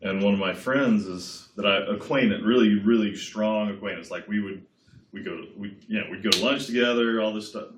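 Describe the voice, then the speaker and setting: A man with a lowish, fairly quick voice gives a relaxed classroom lecture, chatting, wandering off on tangents, and frequently checking in with his students. Background noise and the echo of the classroom are audible.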